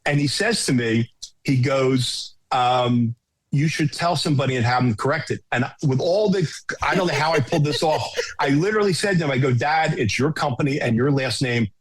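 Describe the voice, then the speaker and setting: A middle-aged man, a home shopping executive, telling lively anecdotes as a podcast guest. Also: on the high side, brisk, husky. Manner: animated anecdote teller, quotes others. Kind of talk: casual storytelling.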